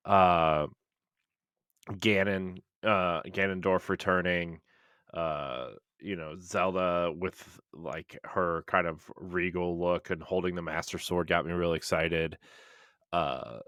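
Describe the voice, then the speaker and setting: A man co-hosting a casual podcast, rambling with excitement and repeating himself. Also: sits low, no echo, clean studio sound. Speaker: podcast co-host.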